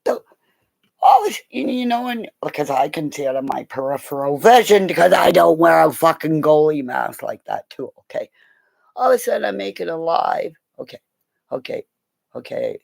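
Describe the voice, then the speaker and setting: A woman's voice: deep voice, moderate pace, vocal fry, rough recording. A middle-aged woman chatting on a livestream, telling rambling stories about animals with lots of laughter and swearing. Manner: excitable, laughing, swearing, jumping between stories. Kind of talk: casual storytelling on a livestream.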